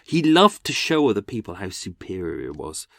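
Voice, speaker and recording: A man's voice: low-pitched, normal speed, creaky, no echo, studio quality. An English man hosting a true-crime podcast in a chatty, wry way. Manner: chatty, animated, wry asides. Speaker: podcast host.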